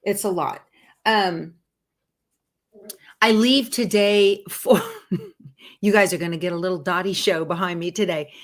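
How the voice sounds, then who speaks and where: A woman's voice: on the low side, fairly even intonation, unhurried, long pauses. A woman hosting a live sewing stream, chatting casually and reading viewer comments aloud. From Texas. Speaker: host of a live sewing show.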